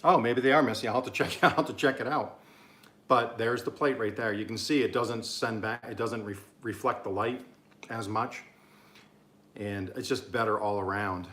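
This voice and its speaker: A man's voice: on the low side, steady tone, normal speed, a bit bright. A man from Oklahoma chatting his way through a casual cooking vlog, rambling and amused at himself. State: talking with mouth full at times. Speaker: cooking vlogger.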